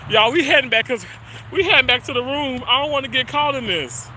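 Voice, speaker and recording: A chatty man livestreams from a snowy street, laughing often and a little winded from walking uphill while talking to viewers. His very high voice has lively intonation and a moderate pace, sounding pushed and bright. Slight background noise is present.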